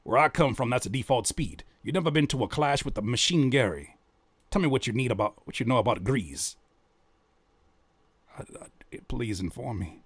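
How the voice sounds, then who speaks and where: A man's voice: mid-range voice, expressive, moderate pace, slightly rough, dry recording. A man hosting a reaction video, joking, cursing in slang and rereading lines aloud. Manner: profane slang. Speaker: reaction host. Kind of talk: casual reaction commentary.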